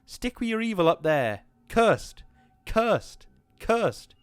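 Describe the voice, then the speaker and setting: A man's voice: sits high, big pitch swings, takes it slowly, clear, resonant tone, dry recording, faint music behind, voice pushed up, full character voice. A man voicing a hulking, drunken male woodcutter who roars curses, furious and terrified underneath. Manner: roaring, cursing at full voice.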